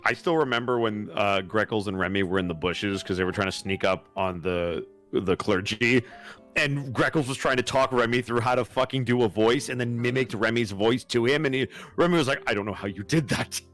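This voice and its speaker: A man hosting a live question session, reading viewer questions in a casual, lively chat. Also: medium pitch, a little fast, soft background music. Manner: lively, laughing, swears casually.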